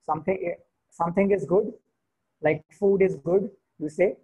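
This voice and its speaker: Husky man teaching beginner vocabulary. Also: sits high, fairly even intonation, warm tone, poor audio. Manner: slow, repeats each word, switches to Hindi to explain. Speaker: French teacher. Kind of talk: beginner language lesson.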